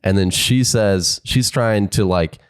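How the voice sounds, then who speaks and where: Man, podcast co-host, animated storyteller, lower voice, dry sound. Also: slow, smooth, dry recording. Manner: animated storytelling, laughs often, acts out both sides. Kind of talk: casual chat.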